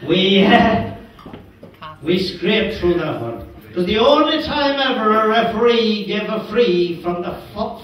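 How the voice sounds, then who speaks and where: Older Irish man telling stories in an echoey hall. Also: sits high. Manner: chuckling storyteller, acts out quotes. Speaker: former team manager giving a speech. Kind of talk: anecdotal after-dinner speech. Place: function hall. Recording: echoey hall, distant mic.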